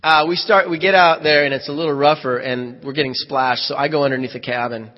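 Male pastor, storyteller, lightly raised pitch, dull lo-fi church recording. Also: fairly even intonation, fairly quick. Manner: vivid first-person storytelling with reenacted dialogue. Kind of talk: sermon storytelling. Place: church hall. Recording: echoey hall, dull lo-fi sound.

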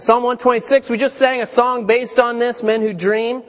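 High-voiced pastor in a reverberant church. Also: male voice, normal speed, few pauses. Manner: conversational storytelling, animated with voiced quotes. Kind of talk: sermon. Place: church sanctuary. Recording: dull church recording with long reverb.

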